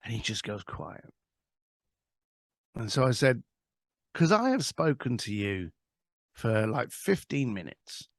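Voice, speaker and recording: A man's voice: mid-range voice, takes it slowly, long pauses, dry recording. Guy telling a story on a podcast, voice bounces all over, acts out the calls, dry close mic. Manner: animated anecdote teller, acts out both sides of phone calls. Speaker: guest, author. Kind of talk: storytelling interview.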